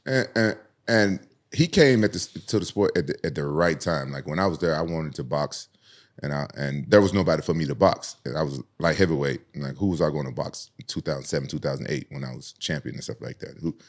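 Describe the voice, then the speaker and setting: A man's voice: rumbling low, a little fast. A man in his forties with a Southern American accent, guest on a podcast, telling stories animatedly with frequent laughs and repeated words. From United States. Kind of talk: casual chat.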